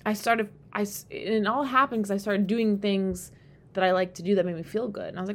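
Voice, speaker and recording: A woman hosting a solo podcast, talking candidly and rambling, swearing freely and getting animated when she quotes herself. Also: fairly quick, creaky. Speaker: podcast host. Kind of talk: casual solo podcast monologue. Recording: faint background rumble.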